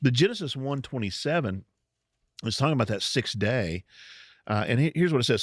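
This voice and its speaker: A man's voice: mid-range voice, expressive, fairly quick, dry recording, studio quality. Teacherly man explaining scripture. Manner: teacherly, laughs easily, explains step by step. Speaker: podcast co-host. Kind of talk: casual Bible teaching chat.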